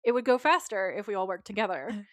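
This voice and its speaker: In a casual episode recap, a podcast co-host retells scenes and quotes the characters' dialogue in a relaxed, chatty manner. She talks quickly, her voice pitched in the middle of the female range. The audio is close and dry with no room echo.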